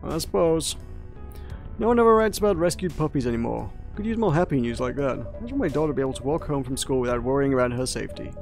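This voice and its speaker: A man's voice: mid-range voice, lively intonation, fast, gravelly, darkish tone, soft background music. A man reading a fretful shopkeeper dad. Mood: worried. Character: worried middle-aged male shop owner and father.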